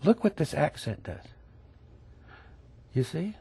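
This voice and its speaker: Male painting instructor, TV lesson; unhurried, hushed and coaxing, lively pitch that drops into whispers. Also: gravelly, breathy edge. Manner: gentle, often dropping to a whisper while demonstrating strokes; coaxing, keeps asking the viewer to look.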